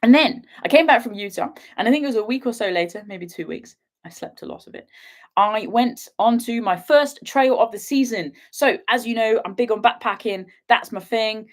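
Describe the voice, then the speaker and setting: A young woman from the UK, a wildlife filmmaker, chatting casually on a livestream from home in a giggly, rambling, excitable way. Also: fairly high pitch, moderate pace.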